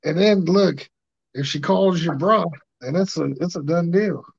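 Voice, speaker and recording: Gravelly laid-back podcast host guy. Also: fairly high pitch, measured pace, no room sound. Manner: laid-back slangy banter. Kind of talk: casual chat. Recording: dull lo-fi sound.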